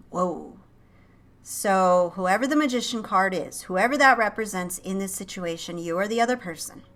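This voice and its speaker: A woman's voice: mid-range voice, bright, forceful tone. A woman giving an intuitive tarot reading to camera, emotive and often breaking off to exclaim as impressions come to her. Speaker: tarot reader and psychic channel.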